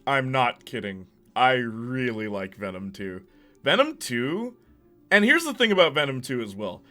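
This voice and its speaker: A man hosting a casual movie ranking, excitable and slangy, laughing often as he talks. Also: medium pitch, unhurried, soft background music. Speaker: host.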